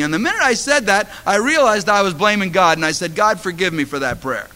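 A man's voice: sits high, very animated, a little fast, bright, forceful tone. A middle-aged man, a pastor, delivering a sermon with impassioned storytelling that rises to fervent exhortation.

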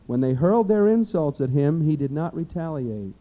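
A man preaching a sermon, lively and animated, acting out everyday scenes in different voices as he reads scripture. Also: fairly high pitch, moderate pace. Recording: dull lo-fi recording.

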